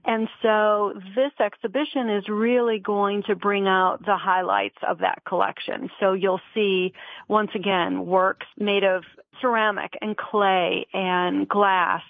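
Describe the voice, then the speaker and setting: A woman's voice: mid-range voice, steady tone, no echo. Woman on a tinny phone line. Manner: measured, enthusiastic explaining. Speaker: museum representative guest. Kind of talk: radio interview.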